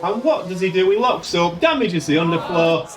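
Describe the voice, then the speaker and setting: A man's voice: high-pitched, lively intonation, normal speed, background noise. A man commentating his racing management game in a casual, exasperated way. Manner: exasperated, running race commentary. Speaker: gaming video host. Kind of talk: casual let's-play commentary. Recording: distant mic with game music behind. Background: game music.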